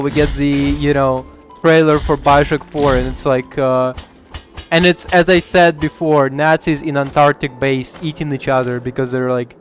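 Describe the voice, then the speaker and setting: Rambling, swearing male gaming streamer. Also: on the high side. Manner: rambling, profane, laughs a lot, many fillers. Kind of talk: casual gameplay commentary.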